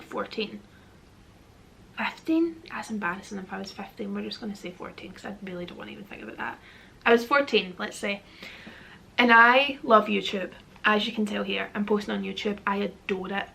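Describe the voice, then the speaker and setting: In another casual Q&A to camera, the young Scottish vlogger, in her twenties, rambles and pokes fun at herself. Her voice is mid-range, gravelly, and sharp, moving at a moderate pace.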